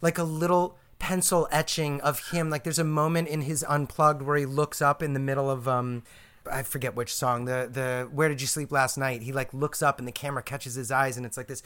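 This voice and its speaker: Halting, chatty man guest. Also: medium pitch, little pitch movement, a bit bright, clean tone. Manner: halting, self-interrupting storytelling. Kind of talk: casual chat.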